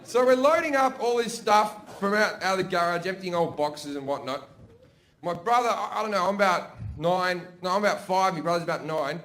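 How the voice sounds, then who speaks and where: A man's voice: high-pitched, normal speed, fairly bright tone. A middle-aged man doing a stand-up routine, profane and conversational, often asking "right?". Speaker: stand-up comedian.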